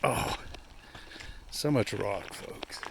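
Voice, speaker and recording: Gravelly folksy man vlogging outdoors. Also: fairly low pitch, extremely slow. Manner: folksy, talks to viewers while walking over rough ground. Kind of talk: casual walking vlog. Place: outdoors at a rural building site. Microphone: handheld camera while walking. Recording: outdoor recording with clear background noise.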